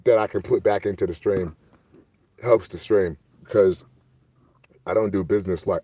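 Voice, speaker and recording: Deep-voiced man telling loose, profane stories. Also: moderate pace, pauses often, slightly rough, no echo. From Milwaukee. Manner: loose, profane, animated storytelling. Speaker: streamer. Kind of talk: casual storytelling monologue.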